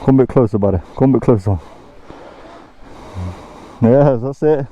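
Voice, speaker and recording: A man's voice: mid-range voice, moderate pace, warm tone, dull audio, slight background noise. A young man, chatting in casual slang while vlogging a motorcycle ride and hill climb outdoors. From England. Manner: slangy, chatty, self-talking. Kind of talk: casual vlog commentary. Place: outdoors on hills.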